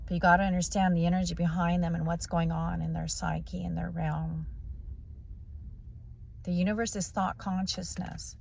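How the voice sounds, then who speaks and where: A woman with a low, gravelly voice rants in a monologue on her vlog. She is blunt and preachy and swears constantly. The rasp of vocal fry runs through her talk. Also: level tone, normal speed, a little mellow, slight background noise. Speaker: vlogger. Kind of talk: profane ranting monologue.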